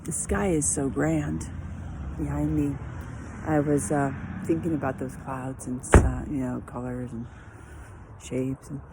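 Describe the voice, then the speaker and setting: A woman's voice: extremely low pitch, fairly even intonation, unhurried, very noisy. A woman vlogging in a meandering, spiritual, musing way full of fillers, recorded on a phone. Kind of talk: rambling casual vlog.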